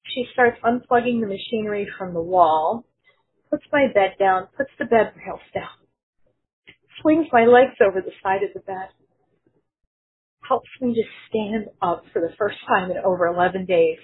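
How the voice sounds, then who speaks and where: Breathy woman, earnest testimony, narrow phone-like sound. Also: mid-range voice, normal speed. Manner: earnest storytelling, quotes others in her own voice. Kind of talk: personal testimony.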